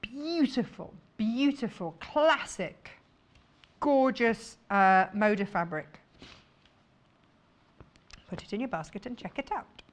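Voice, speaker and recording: A woman's voice: on the high side, lively intonation, slow, long pauses. A woman presenting fabrics on a live shopping channel, chatty and jokey, laughing often.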